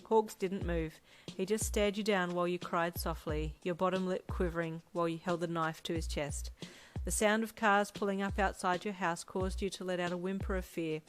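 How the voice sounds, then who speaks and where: A woman narrating a second-person fanfic story, her voice sitting on the lower side and steady as she tells it. Faint music plays softly beneath her reading. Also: rough recording. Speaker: audiobook narrator.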